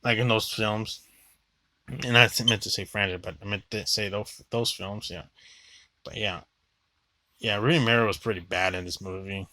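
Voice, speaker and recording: A young man talks through a casual movie review, blunt and rambling, with plenty of filler words and casual swearing. His voice is bright and forward, recorded close and dry with no room sound. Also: on the low side, steady tone, moderate pace, long pauses, dry recording.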